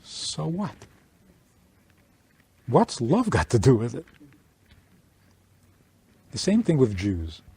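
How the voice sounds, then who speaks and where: A rabbi teaching a small audience in a lively, sing-song way, his voice climbing and dropping as he plays out little exchanges. The tone is mellow and a bit husky, and the sound is dry and close. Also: medium pitch, slow pace, pauses often, no echo. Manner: animated, plays out dialogues, chuckles. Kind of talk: informal teaching talk.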